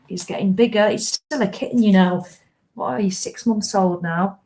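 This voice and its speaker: A woman's voice: medium pitch, normal speed, dark tone. A woman hosting a casual live walking-challenge chat, encouraging viewers in a chatty way and acting out their grumbles. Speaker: host of a walking challenge livestream.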